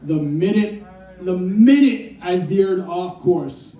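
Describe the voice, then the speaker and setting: A man's voice: high-pitched, expressive, takes it slowly, mellow. A man doing a stand-up comedy set, telling wry, self-deprecating stories on stage. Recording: echoey club from far off.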